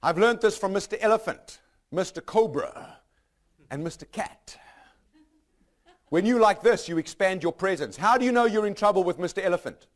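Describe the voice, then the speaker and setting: A man's voice: high-pitched, expressive, normal speed. A man speaking as a motivational speaker to a live audience in a room. He talks emphatically and repeats himself, with many rhetorical questions.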